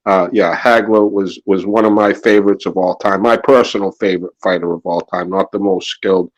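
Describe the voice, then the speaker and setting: A man's voice: deep voice, fairly even intonation, brisk, poor audio. A man from Maine, calling in and chatting in an effusive, rambling way. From Maine, USA. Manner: effusive and rambling, repeats words. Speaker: guest caller. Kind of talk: casual chat.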